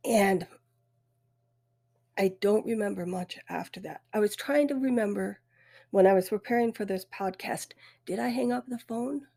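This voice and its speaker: A middle-aged woman tells her own story on her podcast, halting and close to tears. Her voice is husky and breathy, with a mellow, dark tone. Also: mid-range voice. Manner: emotional, halting, voice breaking. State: weepy. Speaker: podcast host. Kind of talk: personal storytelling.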